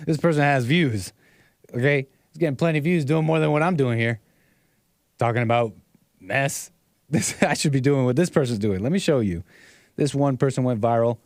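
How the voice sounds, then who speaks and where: A man's voice: mid-range voice, lively intonation, fairly quick, no room sound, clean studio sound. A man hosting a call-in livestream show, talking casually in a rambling way, repeating phrases and chuckling often. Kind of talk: casual talk-show commentary.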